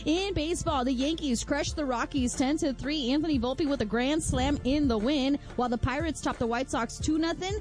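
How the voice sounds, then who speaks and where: A woman with a high voice reads a sports news update on the radio. She runs through the scores briskly and crisply while faint music plays underneath. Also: darkish tone.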